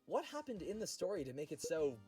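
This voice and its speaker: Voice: mid-range voice, big pitch swings, fairly quick, mellow, soft background music. A narrator of a played video essay, telling the story in a wry, scripted way.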